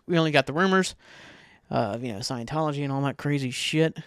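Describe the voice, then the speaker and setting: A man's voice: mid-range voice, animated, fast talker, dry recording, clean studio sound. A young man hosting a podcast alone, rambling casually and profanely and laughing often. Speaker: podcast host. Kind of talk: casual solo monologue.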